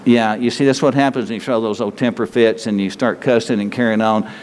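A man's voice: on the low side, steady tone, a little fast, darkish tone, in a large hall, a little hiss or hum. A man preaching a sermon to his congregation in a folksy, joking manner, talking straight to the people in front of him. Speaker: pastor.

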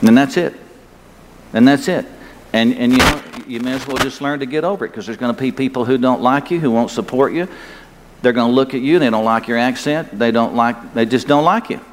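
A man's voice: mid-range voice, fast, a little hiss or hum. An older male pastor preaching a sermon in a folksy, emphatic way, his voice rising on key points. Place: church sanctuary. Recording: long hall reverb, faint ambience.

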